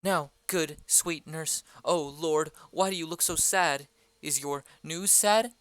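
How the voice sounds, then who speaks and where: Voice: mid-range voice, slow pace, a bit bright, dry recording. A reader voicing an impatient young girl in love who presses with pleading questions in an amateur play reading.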